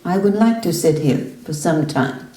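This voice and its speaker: A woman's voice: deep voice, expressive, moderate pace, warm tone, roomy sound, distant mic, rough recording. A woman voicing an earnest male visitor who replies politely to a teacher's challenges. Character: earnest male visitor defending his view.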